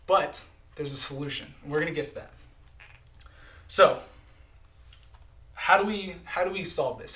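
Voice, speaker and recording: A man's voice: on the high side, sharp tone. A man preaching a live-streamed sermon in an earnest, conversational way, often checking in with "right?" and "okay?".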